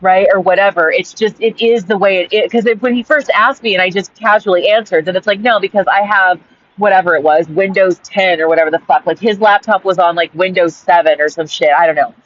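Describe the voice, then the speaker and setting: A woman's voice: mid-range voice, brisk. A woman host telling a personal story in a heated, rambling monologue full of swearing. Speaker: author and podcast host. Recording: dull audio with faint background hiss.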